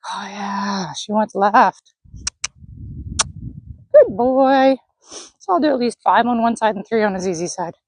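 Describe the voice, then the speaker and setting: Woman horse trainer, slightly high voice, dry close sound, calm coaching tone. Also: unhurried, pauses often, no echo, rough recording. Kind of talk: narrated lunging session. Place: outdoor arena.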